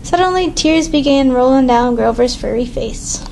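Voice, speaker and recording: Storybook reader: woman, high voice, clear and measured, faint hiss behind. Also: darkish tone, rough recording. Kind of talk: reading a picture book aloud.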